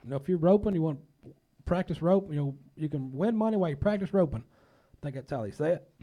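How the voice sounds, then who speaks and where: A man's voice: on the high side, lively intonation, quick pace, mellow. A man hosting a casual talk show, folksy and rambling, a bit under the weather.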